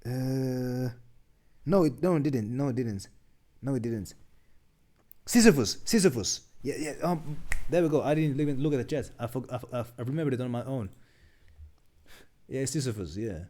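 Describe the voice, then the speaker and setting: A man's voice: mid-range voice, normal speed, pauses often, warm tone. A man on a live stream reading and reacting to memes in a chatty, muttering way, full of restarts. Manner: chatty, muttering, laughs at jokes, many restarts. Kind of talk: casual live-stream commentary.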